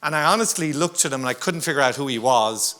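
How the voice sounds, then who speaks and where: A man's voice: medium pitch, lively intonation, fast talker, sharp tone. A man moderating a conference panel, telling a humorous anecdote to the audience. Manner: joking, anecdotal. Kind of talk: conference storytelling. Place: conference hall stage.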